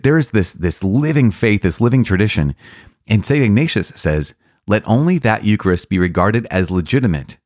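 Deep-voiced earnest priest teaching. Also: male voice, darkish tone, dry recording, studio quality. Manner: earnest, enthusiastic, with frequent restarts and repetitions. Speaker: priest podcast host. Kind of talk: catechism commentary.

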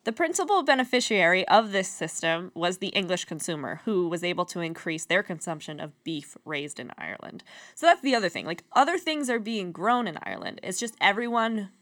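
A young woman who co-hosts a history podcast, explaining from notes with frequent laughs and lowering her voice for grim details. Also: big pitch swings, a little fast, dry recording, studio quality. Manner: explains from notes, laughs often, drops her voice for dark points. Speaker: podcast co-host.

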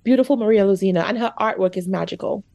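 Woman, author guest, emotional, rambling casual talk, warm dark tone. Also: medium pitch, fast, creaky, no room sound. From America. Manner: chatty, lots of "like" and "you know", gets choked up. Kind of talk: emotional interview storytelling.

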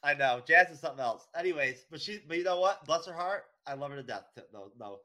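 A man's voice: fairly high pitch, expressive, fast talker, pushed and bright. A man from New York co-hosting a podcast, recapping an episode in a rambling, profane way full of "you know" and "um". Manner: rambling, profane, heavy with fillers. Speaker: podcast co-host. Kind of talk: casual recap chat.

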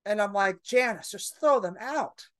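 A woman's voice: mid-range voice, lively intonation, normal speed. A woman comedian telling a story in a podcast conversation, brash and profane, acting out the people in it. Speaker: comedian guest.

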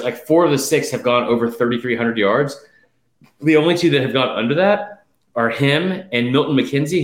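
In a casual sports chat, a male podcast host rapidly reels off stats and predictions with emphatic drive and fillers, a little out of breath. His mid-pitched, slightly bright voice rings around an echoey room.

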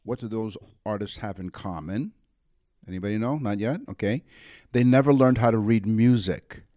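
A man's voice: lowish voice, moderate pace, dark tone, no echo, studio quality. A man hosting a podcast in casual chat, joking and asking questions. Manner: jokey, asks questions. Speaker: podcast host.

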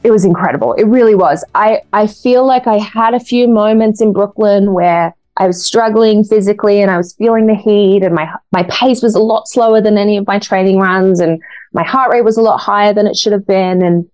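A woman's voice: medium pitch, a little fast, darkish tone, no room sound. A woman in her thirties, a guest in an interview, telling a personal story in an earnest, emotional way. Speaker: guest, actress. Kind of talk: casual interview talk.

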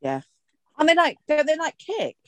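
A woman co-hosting a podcast in casual chat, expressive and full of joking complaints, swearing freely. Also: sits high, normal speed, no echo. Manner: expressive, swears freely, jokey exaggerated fear. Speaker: podcast co-host.

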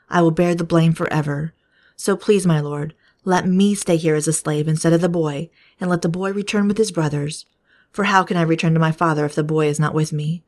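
A woman's voice: lowish voice, lightly acted. A woman reading as Judah, a pleading grown man. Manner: earnest, pleading read-aloud delivery.

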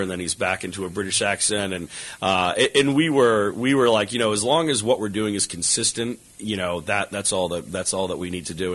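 A man's voice: on the low side, low-quality recording. A man, an actor and co-writer, giving loose, rambling interview answers full of "you know" and "like". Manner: relaxed, rambling, heavy with fillers like "you know".

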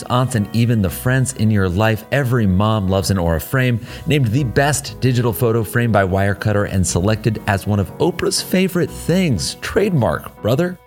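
A podcast host reading a sponsor ad in an upbeat, salesy manner. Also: male voice, on the low side, darkish tone. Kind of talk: read sponsor ad.

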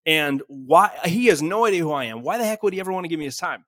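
A podcast guest in his twenties from a small Canadian town tells his story in a lively, casual, animated way, acting out the dialogue he quotes. His voice is fairly high and fast, with no room sound.

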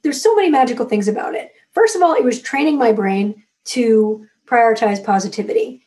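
A woman in her forties, an author guest, telling a personal story in a candid, emotional, animated way. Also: a little high, brisk. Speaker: author and magazine editor, guest. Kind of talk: conversational interview.

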